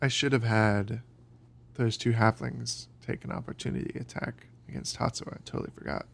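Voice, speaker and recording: A man acting as game master in a tabletop game, relaxed and halting, laughing often. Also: mid-range voice, gravelly, a little hiss or hum. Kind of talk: running a tabletop game, casual.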